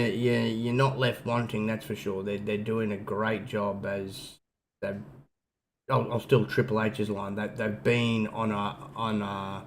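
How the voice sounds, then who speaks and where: Brief: lower-pitched male podcast co-host, rambling casual chat with fillers, faint hiss behind. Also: poor audio. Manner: rambling, frequent fillers and restarts.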